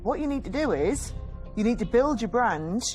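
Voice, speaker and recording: A woman's voice: on the high side, sing-song, normal speed, darkish tone, faint music behind. Direct, businesslike woman investor.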